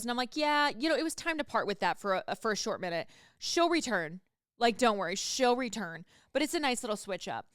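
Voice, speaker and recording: A woman's voice: on the high side, a bit bright, clean tone, no room sound, clean studio sound. A woman hosting a podcast, chatting casually and candidly and swearing freely. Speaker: podcast host. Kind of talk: casual chat.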